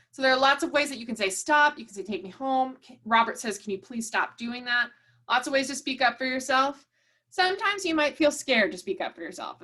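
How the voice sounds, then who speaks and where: A woman's voice: fairly high pitch, fairly bright tone. A woman running an online workshop, reading out participants' chat replies and cheering them on, saying "y'all" often. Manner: upbeat, encouraging, says "y'all" often. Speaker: workshop facilitator.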